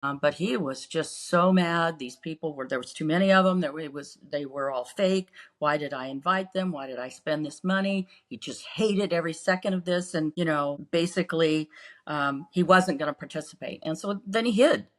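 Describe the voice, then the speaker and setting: A woman's voice: low-pitched, moderate pace. A woman co-hosting a podcast, earnestly recounting painful memories in casual storytelling. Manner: earnest, re-lives painful memories, acts out quotes. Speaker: podcast co-host.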